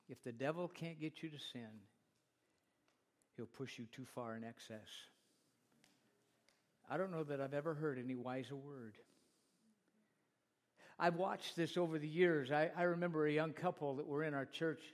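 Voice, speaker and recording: A middle-aged man delivers a sermon in a fairly high voice. He speaks directly to the congregation, asks rhetorical questions and tells stories from his years as a pastor.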